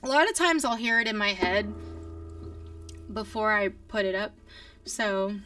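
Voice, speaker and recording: A woman's voice: medium pitch, lively intonation, a little slow, bright, forceful tone, far from the mic. A young woman, a singer-songwriter, chatting casually with her livestream viewers, rambling with lots of fillers.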